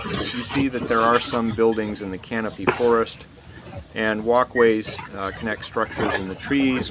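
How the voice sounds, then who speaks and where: A man narrates scenes for his players as dungeon master, his voice sitting a little low. He stops often with uh and restarts his sentences. A clear hiss of noise runs under the online call. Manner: hesitant, many uh fillers, laughs at odd names. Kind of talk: narrating a tabletop game. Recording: noisy online voice chat.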